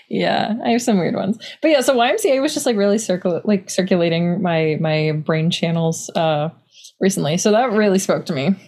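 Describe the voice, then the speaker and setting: A woman's voice: fairly low pitch, lively intonation, normal speed. A young woman co-hosting a casual book chat, rambling with many "like" fillers and restarts. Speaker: podcast co-host.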